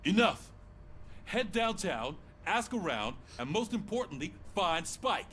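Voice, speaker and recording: A man's voice: high-pitched, big pitch swings, measured pace, noisy background. An actor playing a stern male police commander with a curt, commanding delivery.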